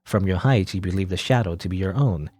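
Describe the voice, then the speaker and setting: A man's voice: sits low, brisk, a little mellow, slight background noise. A man hosting a let's play, reading a game's text aloud with playful, laughing asides.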